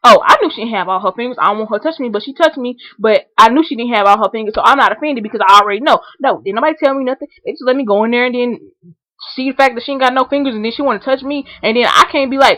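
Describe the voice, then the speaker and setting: A woman vlogging a comedic rant, animated and indignant. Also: a little high, rapid-fire, no room sound, low-quality recording. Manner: animated, indignant, acts out scenarios in voices.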